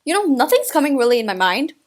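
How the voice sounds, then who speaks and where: A young woman with a high, bright voice co-hosts a casual podcast chat. She talks in a playful, dramatic way and laughs often. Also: very animated, fast talker. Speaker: podcast co-host.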